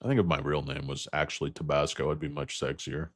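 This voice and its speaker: A tired, hoarse-edged man in his fifties rambles through a livestream about stocks with a very deep, low voice. He jokes and drifts from tangent to tangent, recorded close and dry. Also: level tone, quick pace, dry recording. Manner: rambling, joking, tangent-prone. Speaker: host.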